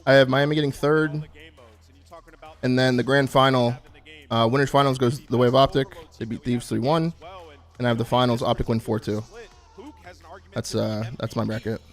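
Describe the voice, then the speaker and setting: A young man streaming live, talking in a relaxed, profane way while thanking his subscribers. His voice sits at an ordinary middle pitch. Faint music plays underneath. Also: moderate pace, pauses often. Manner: laid-back, profane, constantly thanking subscribers. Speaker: streamer hosting a watch party. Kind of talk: casual live-stream chat.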